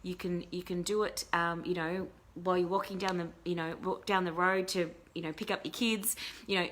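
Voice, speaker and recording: A woman's voice: lowish voice, fairly even intonation, brisk, a bit bright, a little hiss or hum. A middle-aged woman hosting a casual talk show as a life coach, chatting in a rambling way with many fillers and restarts. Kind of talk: casual live-stream talk.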